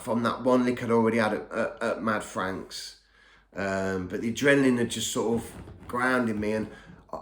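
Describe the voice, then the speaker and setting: A middle-aged man telling his own story in a casual, rambling way, often repeating and restarting words. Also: fairly low pitch. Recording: echoey room.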